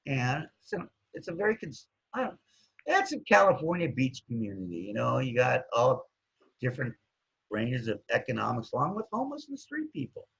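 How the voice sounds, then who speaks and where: A man with a husky voice casually telling his recovery story, rambling and looping back with "anyways", on a dull lo-fi recording. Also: mid-range voice, wildly swooping pitch, moderate pace, fairly bright tone. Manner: rambling, keeps saying anyways.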